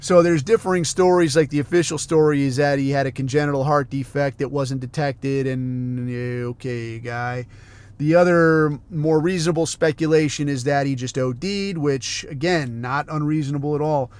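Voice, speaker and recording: A man's voice: a little high, fairly even intonation, moderate pace, darkish tone, clear, resonant tone. Profane middle-aged man ranting. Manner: profane, rambling storytelling. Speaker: podcast host. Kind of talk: casual rant.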